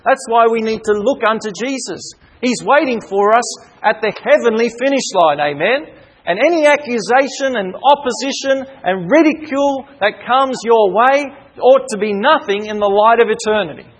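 A man preaching a sermon in a high, husky voice. He peppers his talk with rhetorical questions and calls for amens. He drags out key words and stalls on repeated fillers. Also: poor audio. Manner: slows and stresses key words, with hesitant fillers. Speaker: pastor.

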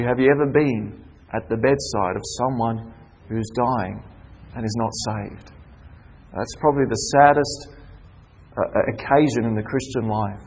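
A man preaching a sermon as pastor, swinging between emphatic raised passages and soft, intimate ones. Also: medium pitch, breathy edge. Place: church hall. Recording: reverberant hall.

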